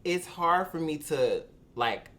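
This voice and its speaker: Animated storytelling man, bright voice. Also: fairly high pitch, takes it slowly. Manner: animated storytelling, expressive, swearing, acting out quotes. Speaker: podcast co-host. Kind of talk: casual chat.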